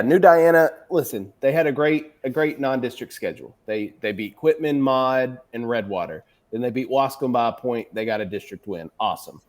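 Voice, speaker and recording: A man's voice: medium pitch, darkish tone. Confident man talking football picks. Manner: confident, teasing pick predictions. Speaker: sports show panelist. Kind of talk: casual sports chat.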